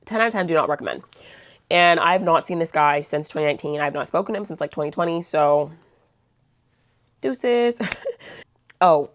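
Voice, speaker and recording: A woman's voice: sits low, a little fast, no echo, studio quality. A young woman vlogger telling a storytime in a blunt, chatty way, swearing and saying "like" a lot. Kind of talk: storytime vlog.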